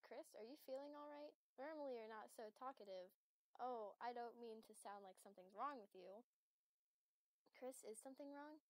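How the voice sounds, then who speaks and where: A woman's voice: on the high side, no echo, lightly acted, low-quality recording. A woman reading game lines aloud as a shy, kind young reindeer girl, hesitant and apologetic with stammers.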